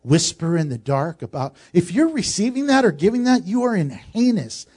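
A man's voice: sits high, very animated, normal speed, dark tone, husky. A male pastor preaching a sermon in a conversational way, with joking asides.

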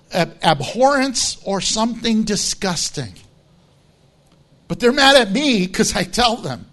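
A man preaching as pastor, blunt and emphatic, with low, quiet asides in a conversational sermon. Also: sing-song, takes it slowly.

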